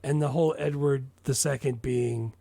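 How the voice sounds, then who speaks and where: A man's voice: medium pitch, steady tone, moderate pace, vocal fry, dark tone. A man who works as a teacher, co-hosting a casual movie podcast and tossing in jokey asides with frequent laughs. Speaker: podcast co-host.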